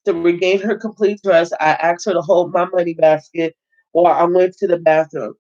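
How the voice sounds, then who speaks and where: A man reading a novel aloud as host, steady but with occasional stumbles and self-corrections. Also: high voice, normal speed, dull audio.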